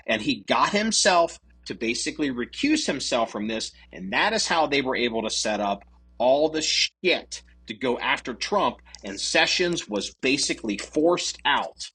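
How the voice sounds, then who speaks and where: Man, podcast co-host, casual political chat, profane, lively intonation, husky voice. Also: mid-range voice, unhurried. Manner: profane, animated, mocking voices of others.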